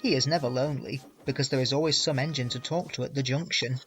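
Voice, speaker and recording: A man reading a children's railway story aloud in a clear, gentle storytelling manner. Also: mid-range voice, steady tone, fast talker, faint music behind. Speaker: reader.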